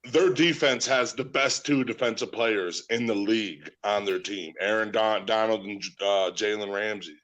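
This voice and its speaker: A man's voice: on the low side, normal speed, hardly any pauses, fairly bright tone, muffled recording. An American man co-hosting a casual chat show, rowdy, joking and swearing. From United States. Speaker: co-host.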